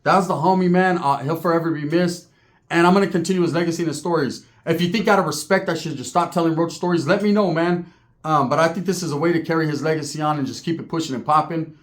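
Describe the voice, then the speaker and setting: A man's voice: fairly high pitch, quick pace. Profane storyteller man. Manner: profane, rambling, joking. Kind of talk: casual storytelling.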